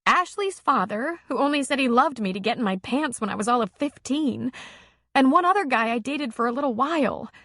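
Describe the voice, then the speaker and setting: A woman narrator voicing an emotional young woman in love, raising her voice higher for her. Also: animated, a little fast, sharp tone, no echo, full character voice.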